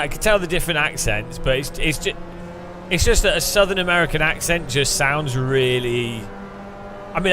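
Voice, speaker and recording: A man with an English accent chatting casually to his stream while racing, rambling, with quick outbursts at other drivers. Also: on the high side, background noise. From England. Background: music.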